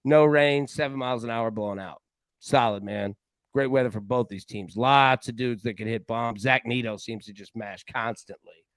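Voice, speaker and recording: A man hosting a live sports betting show, talking in a casual, excitable way full of slang and stammered restarts. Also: medium pitch, moderate pace, no echo, rough recording.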